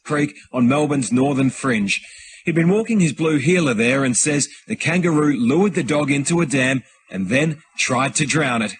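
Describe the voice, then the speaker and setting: A man reading a TV news report in a measured way. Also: medium pitch, animated, crowd noise.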